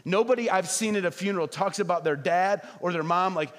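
A middle-aged man preaching a sermon as pastor, animated, often acting out quoted voices. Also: high-pitched, fairly quick. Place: church hall. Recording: reverberant hall.

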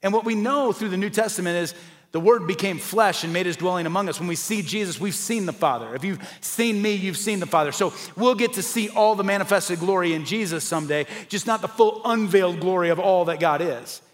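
A man's voice: high voice, brisk. A man preaching a sermon as pastor, earnest and building to passionate emphasis. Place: church sanctuary. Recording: long hall reverb.

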